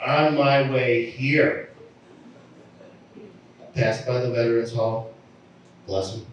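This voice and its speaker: A man doing a stand-up set, telling stories in a deadpan way and acting out the people in them. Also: mid-range voice, takes it slowly, highs cut off, background noise. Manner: deadpan storytelling with acted-out voices. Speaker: stand-up comedian. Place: comedy venue. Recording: echoey room from a distant mic.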